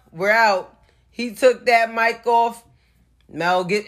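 A woman's voice: fairly low pitch, fairly bright tone. A woman talking straight to camera in a loose, casual commentary voice. She is blunt and profane, and she throws sarcastic asides into her opinions. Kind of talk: casual pop-culture commentary.

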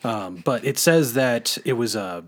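A man's voice: medium pitch, expressive, a little slow. A man co-hosting a podcast in casual chat, rambling and self-deprecating, laughing often. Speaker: podcast co-host.

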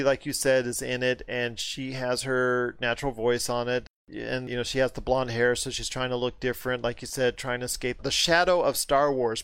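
A man's voice: medium pitch, a bit bright, clear, resonant tone, dry recording. A man hosting a casual movie discussion, emphatic and prone to repeating his point when worked up.

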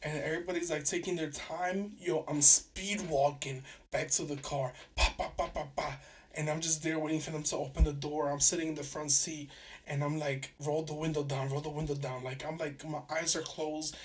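A young man hosting a podcast, telling stories in a chatty, animated way with lots of fillers and restarts. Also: on the high side, moderate pace. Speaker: podcast host. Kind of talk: casual solo podcast storytelling. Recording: voice a bit distant from the mic.

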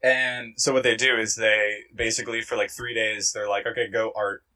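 A man's voice: fairly low pitch, little pitch movement, normal speed, pushed and bright, far from the mic, rough recording. A young man co-hosting a podcast in casual chat, joking and rambling through stories with frequent laughs. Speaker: podcast co-host.

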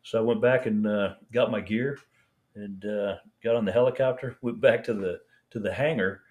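Older guy with a low voice, rambling war story, lots of uh and restarts. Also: darkish tone. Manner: rambling, halting, many restarts and fillers. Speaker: veteran guest. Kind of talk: casual storytelling interview.

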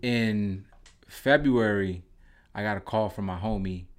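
Young philly dude, lower voice, takes his time, lots of ums. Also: measured pace. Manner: hesitant, many fillers and restarts. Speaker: guest. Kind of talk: casual conversation.

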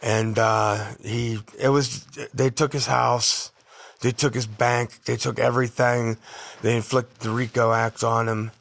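A man's voice: medium pitch, flat delivery, a little slow, vocal fry, fairly bright tone. A middle-aged man hosting a podcast, telling rambling, blunt stories from his youth in a casual monologue. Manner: rambling, blunt, tough-guy storytelling. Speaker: podcast host.

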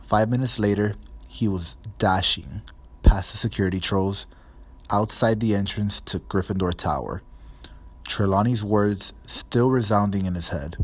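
A man narrating a storybook in a measured, even reading. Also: on the low side, slightly rough. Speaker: audiobook narrator.

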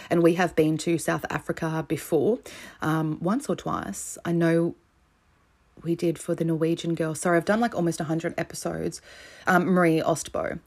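A woman's voice: sits low, darkish tone. A woman hosting a true crime podcast, telling the case in a casual, chatty way with blunt, swearing asides.

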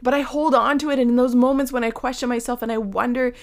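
A woman's voice: fairly high pitch, quick pace. A woman giving a reflective devotional talk, earnest, sometimes dropping to a whisper and acting out the story. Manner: earnest and reflective, drops to whispers for quoted voices; acts out Bible characters with lively shifts.

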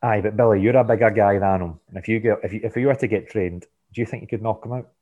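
A man with a very low voice chats about sports as a podcast guest, stumbling and repeating himself while he finds his point. The sound is dull and lo-fi, as from a cheap mic. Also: fairly even intonation, quick pace. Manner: hesitant, stumbles and repeats words. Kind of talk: casual sports chat.

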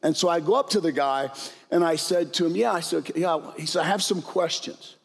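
A man's voice: on the high side, fairly quick, gravelly, in a large hall. An older man telling stories in a sermon, talking conversationally and checking in with the listeners often. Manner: conversational, frequent "right?" and "okay?" asides. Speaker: preacher. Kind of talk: sermon storytelling.

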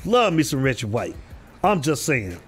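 A man's voice: medium pitch, sing-song, moderate pace, breathy edge, faint music behind. A man hosting a casual live stream about football, calling out viewers by name and repeating himself in a loose, drawling way. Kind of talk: casual live sports talk.

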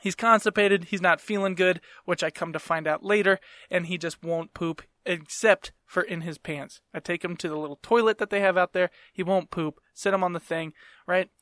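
Cursing, rambling man with a slightly high voice. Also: fairly even intonation, normal speed, fairly bright tone, no echo. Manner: profane rambling storyteller; laughs mid-sentence. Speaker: podcast host. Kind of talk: casual chat.

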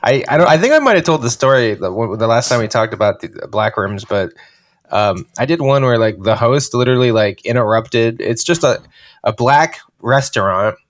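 A man, a stand-up comedian, telling stories in casual chat with animated quotes. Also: medium pitch, normal speed. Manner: animated storytelling, loud acted quotes.

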